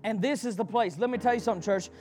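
A man with a very high voice delivers a sermon, calling on the congregation to answer him back. He swings between loud shouted lines and low, hushed passages, with faint music under his voice. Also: quick pace. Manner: call-and-response preaching, swinging from shouts to low murmurs. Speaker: preacher.

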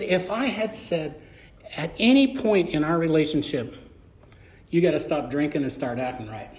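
A man's voice: high-pitched, a little mellow. A middle-aged man preaching a sermon as pastor, telling a story and acting out the dialogue. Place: church sanctuary. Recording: echoey church room.

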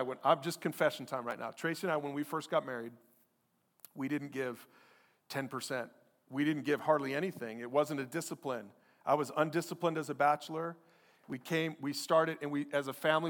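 Conversational pastor preaching in a hall. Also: male voice, on the high side, fairly bright tone. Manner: conversational, emphatic, acts out listeners' objections. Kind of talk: sermon.

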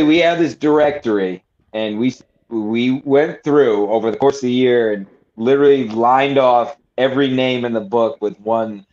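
A man's voice: mid-range voice, a little mellow. A man co-hosting a podcast, telling stories in casual chat with lots of fillers, restarts and swearing. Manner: rambling storyteller with many fillers and restarts, swearing. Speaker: podcast co-host. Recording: slightly dull lo-fi sound.

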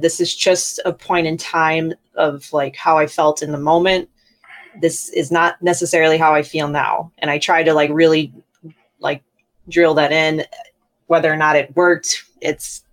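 A young woman, an author and podcast co-host, speaking hesitantly in an interview with many fillers. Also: sits low. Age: young adult. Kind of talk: candid conversational interview.

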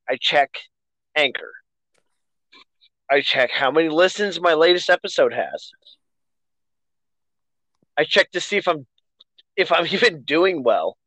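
A man's voice: fairly high pitch, pushed and bright, dry recording, poor audio. A man hosting a casual podcast, chatting in a rambling, self-deprecating way. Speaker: podcast host.

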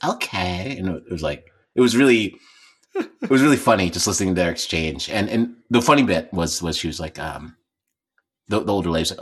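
A man's voice: low voice, animated, fairly quick, husky. A man co-hosting a casual podcast chat, telling a rambling story full of restarts and repeated words. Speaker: podcast co-host.

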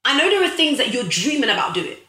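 Young woman, live-stream motivational host, repeats lines for emphasis, bright tone. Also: high-pitched, sing-song, fast, roomy sound. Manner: preachy, emphatic, repeats phrases for effect; addresses viewers directly as guys.

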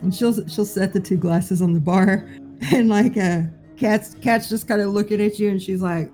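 A woman narrating a tabletop game as game master, her voice dark and mellow at a middling pitch. She describes scenes in a playful way and laughs easily with her players. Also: steady tone, moderate pace, faint music behind.

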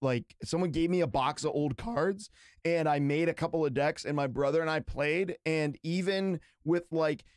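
A man's voice: a little high, normal speed, no room sound, studio quality. A man from outside Pittsburgh hosting a casual podcast, laughing often and poking fun at himself. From outside Pittsburgh, Pennsylvania, US. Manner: laughs often, relaxed and self-mocking. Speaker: podcast host.

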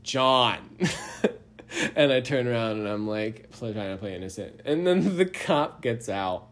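A man's voice: mid-range voice, expressive, normal speed. A young man casually telling a story on a podcast, rambling and self-deprecating, often laughing mid-sentence. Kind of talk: casual chat.

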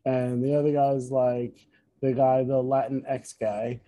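Bright-voiced man telling a rambling story. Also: mid-range voice, measured pace. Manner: rambling, self-correcting, animated retelling. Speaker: podcast co-host, musician. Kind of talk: casual chat, storytelling.

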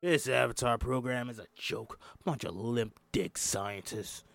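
A hard-bitten marine colonel, read out by a man, barks blunt orders in a gruff, strained voice at an everyday pitch. The recording is dry and close, with faint music behind. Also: unhurried, a bit bright, no echo. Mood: scornful. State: straining his throat. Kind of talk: amateur script reading.

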